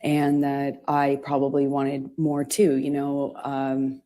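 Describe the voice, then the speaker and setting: A woman testifying as a witness in court, speaking haltingly with frequent restarts. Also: extremely low pitch, completely flat delivery, warm tone. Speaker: trial witness.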